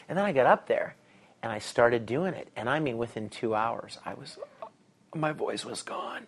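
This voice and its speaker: A middle-aged man, a voice actor, telling stories in an interview with lively energy, laughing and acting out quotes. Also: medium pitch, brisk. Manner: animated, laughs often, acts out quotes. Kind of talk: casual interview storytelling.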